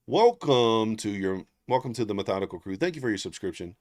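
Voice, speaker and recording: A man with a lowish voice hosts a casual livestream, telling loose, rambling stories packed with fillers. He breaks off to read viewer names aloud and thank them. The sound is dry and close, with no room echo. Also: animated, fairly quick, hardly any pauses, a little mellow. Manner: rambling storyteller, heavy on fillers and restarts. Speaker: livestream trading host.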